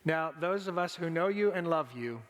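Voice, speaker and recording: A man preaching a funeral sermon, slow and deliberate, repeating his key lines. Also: fairly high pitch, expressive. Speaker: pastor. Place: church sanctuary. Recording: long church reverb.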